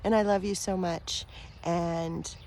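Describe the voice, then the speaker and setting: A woman talking straight to her viewers as a spiritual vlogger, earnest and affectionate, rambling with fillers and soft laughs. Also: fairly low pitch, steady tone, slow pace, slight background noise. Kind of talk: heartfelt direct-to-camera talk.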